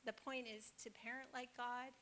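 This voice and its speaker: A woman's voice: fairly high pitch, little pitch movement, normal speed, a bit bright. A woman giving an informal, encouraging devotional talk with a conversational manner and plenty of fillers. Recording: faint hiss.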